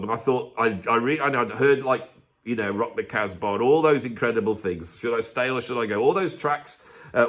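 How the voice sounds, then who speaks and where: A man's voice: mid-range voice, fairly bright tone. A man hosting a music channel, delivering a grumpy, emphatic, opinionated rant to camera in a casual way. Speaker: music video host.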